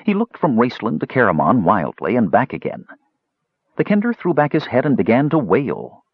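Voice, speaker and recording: A man narrates a fantasy novel with expressive, lively storytelling. His voice sits low and husky, recorded dry and close. The audio has a dull, lo-fi character. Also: moderate pace, dry recording.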